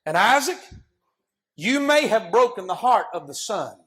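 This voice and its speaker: A man preaching a sermon as an impassioned storyteller who often shouts. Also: high-pitched, sing-song, unhurried.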